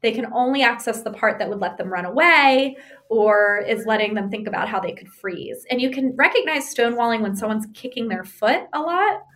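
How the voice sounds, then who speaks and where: Speaking fairly quickly in a voice on the high side, a woman in the role of a relationship counselor talks through couples advice conversationally. She animatedly acts out sample arguments and keeps asking "right?".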